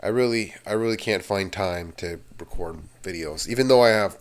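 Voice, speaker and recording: A man with a deep, low-pitched voice rambles casually to his viewers. He drifts from one loose tangent to the next in an easygoing way. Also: normal speed, clear, resonant tone. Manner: meandering, drifts between tangents. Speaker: channel host. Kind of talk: casual rambling rant to camera.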